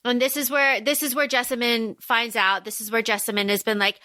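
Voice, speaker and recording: A woman's voice: fairly high pitch, brisk, few pauses, no room sound, clean studio sound. A woman co-hosting a podcast, chatting casually about a book and acting out characters' lines as she recaps. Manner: animated, acts out characters' lines mid-recap. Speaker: podcast co-host.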